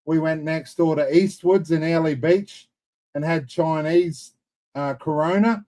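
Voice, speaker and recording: A man's voice: a little high, steady tone, a little slow, dark tone. A man with an Australian accent co-hosting a casual live stream, laid-back with dry asides. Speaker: co-host.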